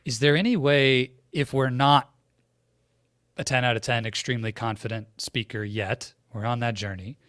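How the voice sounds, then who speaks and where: A male podcast host with a mid-pitched voice speaks in a reflective, conversational way. He frames long questions for his guest. The room sounds dry and close to the mic. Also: fairly even intonation, moderate pace, fairly bright tone, dry recording. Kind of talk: podcast interview.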